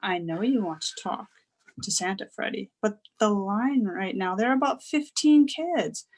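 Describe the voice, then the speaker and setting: A woman's voice: medium pitch, a little slow. A woman voicing a cheerful, patient mother in a read-aloud storybook.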